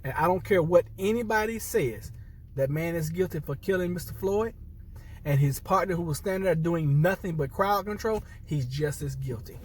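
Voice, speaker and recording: A man's voice: high voice, moderate pace, darkish tone, distant mic, a little hiss or hum. An upset man, a military veteran, speaking earnestly to viewers, repeating himself and restarting phrases as he holds back tears. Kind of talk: impassioned personal commentary to camera.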